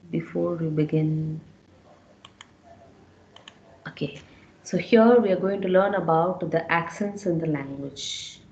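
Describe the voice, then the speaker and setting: A woman teaches a French class in a lecture, explaining step by step and repeating words so her students can follow. Her voice is lowish and a little mellow. The room is echoey, with slight background noise.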